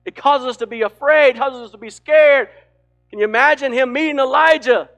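High-voiced, dramatic preacher. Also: male voice, normal speed, muffled recording. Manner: dramatic swings from loud to hushed, emphatic. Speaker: pastor. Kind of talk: sermon.

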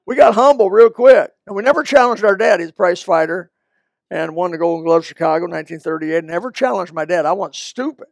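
An older pastor preaches in a folksy, conversational way, full of quick asides. His voice sits high for a man and has a gravelly edge. The sound is close and dry. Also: lively intonation, no room sound. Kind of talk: sermon. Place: church.

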